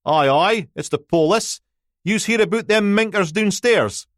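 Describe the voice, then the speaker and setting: A man voicing a small, wrinkly old grandfather with a broad, gruff Aberdonian accent in an audiobook. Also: high-pitched, a little slow, a bit bright, dry recording, studio quality, pitched above the performer's own voice. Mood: grumbling. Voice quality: broad, gruff Doric dialect.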